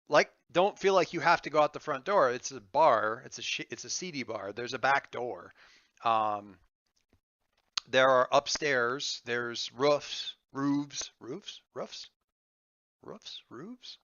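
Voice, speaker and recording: A man running a tabletop game, rambling and playful as he thinks aloud. His voice is bright and forward, with a dull, lo-fi sound that has almost no room echo. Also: medium pitch, smooth. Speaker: game master. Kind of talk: running a tabletop game over an online call.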